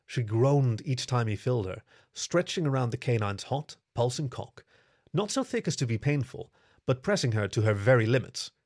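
A man reading a story aloud in steady, even scripted narration. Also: medium pitch, moderate pace, no echo, studio quality.

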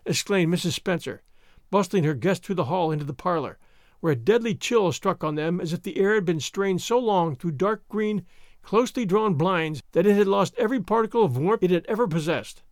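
A man narrating a classic novel with expressive storytelling. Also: high-pitched, a little fast, no echo, studio quality. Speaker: audiobook narrator. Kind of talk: scripted narration.

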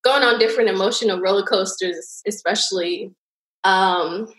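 A woman's voice: medium pitch, normal speed, reverberant, poor audio. A woman guest, a podcast listener, rambling in casual chat with plenty of fillers. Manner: rambling, warm praise with fillers.

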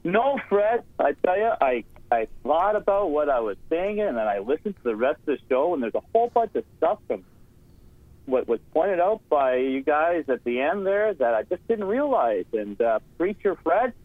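A man's voice: on the high side, normal speed, no echo. Sarcastic male caller on a tinny phone line. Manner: sarcastic, rambling, animated. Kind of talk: sports radio call-in.

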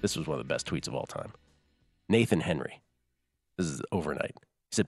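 A man's voice: rumbling low, expressive, brisk, creaky, pauses often, dry recording, soft background music. A man hosting a sports betting talk show, chatting casually in a rambling, jokey way that keeps interrupting itself.

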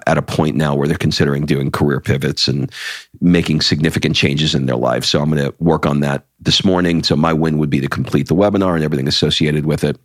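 Man with a very low voice, dry close sound, talking frankly and casually as podcast co-host; swears easily, restarts his sentences often, rambles a bit. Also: dry recording. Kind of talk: casual chat.

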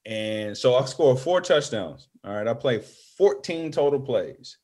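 A middle-aged man telling a story as an interview guest, animated and acting out friends' voices. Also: medium pitch, unhurried.

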